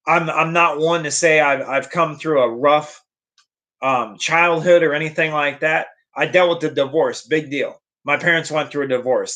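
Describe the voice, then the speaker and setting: A man's voice: on the high side, fairly bright tone. A young man talking earnestly to camera in a casual motivational vlog, often repeating and restarting his phrases. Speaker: vlogger.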